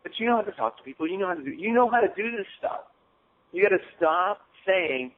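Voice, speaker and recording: A man's voice: sits high, expressive, fast talker, slight background noise. A man giving a casual motivational coaching talk on a call, often checking in with "okay?". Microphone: phone call. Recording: phone-line audio.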